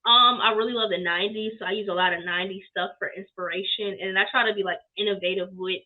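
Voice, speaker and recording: A young woman, a business owner, telling her story casually and lively in an interview. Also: mid-range voice, fast talker. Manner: lively storytelling, acts out quoted people. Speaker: guest, apparel business owner. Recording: tinny phone-line sound.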